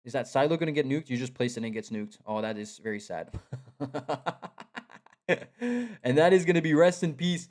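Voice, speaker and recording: A young man streaming live commentary on a competitive game. His voice sits slightly high for a man. He is excitable, often repeats himself, and shouts advice at the players directly. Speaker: esports caster.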